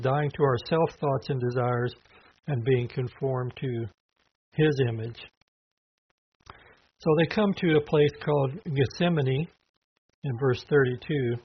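A man with a husky, slightly breathy voice teaches through scripture verse by verse. He talks in a loose, conversational way, full of small asides. The recording sounds dull and lo-fi. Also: mid-range voice. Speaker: preacher.

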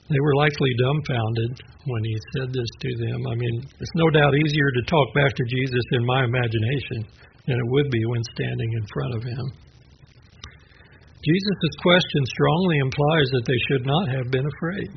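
Gravelly-voiced guy preaching a sermon, chatty and reflective, kinda dull lo-fi recording. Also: mid-range voice, normal speed, a little hiss or hum. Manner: conversational, reflective, with small laughs and restarts. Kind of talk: sermon with personal story.

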